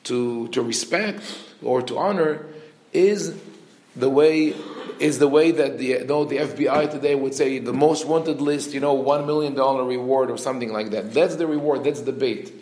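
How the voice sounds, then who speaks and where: A man giving an animated teaching talk. He often restarts and corrects himself mid-sentence, and he acts out the quotes he reads. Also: mid-range voice, moderate pace. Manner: frequent restarts and self-corrections. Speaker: religious teacher. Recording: roomy echo.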